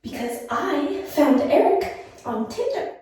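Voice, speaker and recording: Woman acting out a bratty mermaid princess, high lively voice, roomy distant sound. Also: takes it slowly, full character voice. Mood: whiny. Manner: bratty, exasperated. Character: petulant mermaid princess in quarantine, fed up. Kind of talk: comedy sketch video call. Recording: roomy echo, recorded away from the mic.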